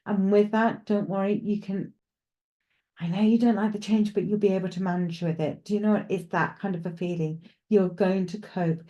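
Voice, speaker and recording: A woman's voice: medium pitch, fairly even intonation, moderate pace, mellow, dull audio. A woman with a Welsh accent presenting live psychic readings, talking reassuringly and chattily to a caller.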